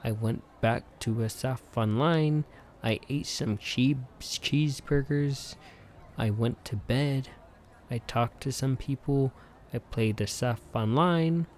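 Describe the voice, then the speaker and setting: A man's voice: medium pitch, slow, a little hiss or hum. Goofy young man narrating a game. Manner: goofy, excitable. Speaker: gaming video host. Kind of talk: comedic game playthrough narration.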